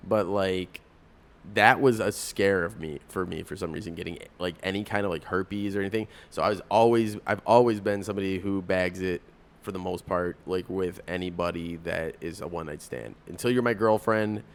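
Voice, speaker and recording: A man's voice: low voice, steady tone, moderate pace. A man in his thirties hosting a podcast, talking frankly in a casual, rambling way, full of "like" and restarts. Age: 30s. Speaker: podcast host. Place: coffee house.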